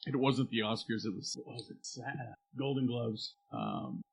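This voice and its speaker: A man's voice: medium pitch, wildly swooping pitch, moderate pace, gravelly, slightly rough. A man co-hosting a podcast in casual chat, joking and rambling. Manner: joking, rambling, slips into silly voices. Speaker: podcast co-host.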